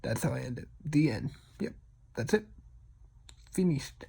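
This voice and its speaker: A man talking quietly and casually over his speed drawing, rambling and poking fun at himself, sometimes dropping to a whisper. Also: medium pitch, expressive, a little slow, creaky, husky. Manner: rambling, self-deprecating; talks quietly, partly whispered. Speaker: digital artist.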